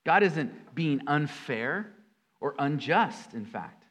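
A man preaching a sermon in an animated way, with sudden emphatic jumps and folksy asides among his scripture readings. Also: on the high side, takes it slowly. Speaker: pastor.

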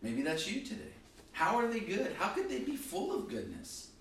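A male pastor preaching a sermon, emphatic, rising and falling in pitch and volume to stress his points. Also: huge pitch swings, moderate pace, a bit bright, slight background noise. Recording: very echoey hall, mic from a distance.

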